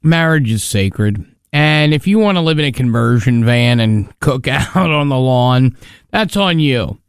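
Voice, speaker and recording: A man's voice: medium pitch, animated, unhurried, smooth, no room sound, clean studio sound. A man co-hosting a radio show, joking and talking to listeners driving to work in casual banter.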